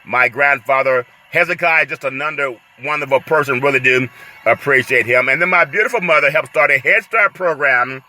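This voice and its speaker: A man's voice: medium pitch, normal speed, low-quality recording. A man hosting a casual sports talk show, exuberant and hyped, calling on listeners for praise and laughing often. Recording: steady background noise.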